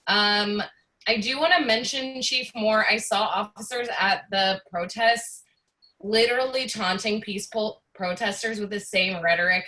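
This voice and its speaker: A woman's voice: mid-range voice, a little slow, pushed and bright, poor audio. A woman giving an earnest, upset public comment, with many hesitant fillers.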